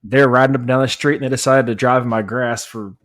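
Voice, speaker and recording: Male podcast co-host, casual chat, animated rambling storyteller, mid-range voice. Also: medium pitch, fast. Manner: married family man.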